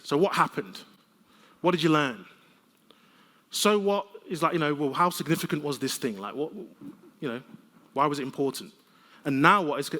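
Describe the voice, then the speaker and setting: A man giving a conference keynote, telling lively, conversational stories with humor. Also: fairly high pitch. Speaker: keynote speaker. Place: large conference hall. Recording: long reverb of a conference hall.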